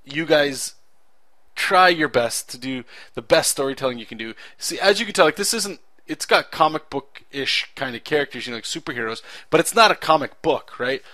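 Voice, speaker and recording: Narrating his drawing process over the video, a man rambles with earnest enthusiasm for clear storytelling, frequently correcting himself as he goes. His slightly high voice is expressive and sharp, at a moderate pace, recorded dry.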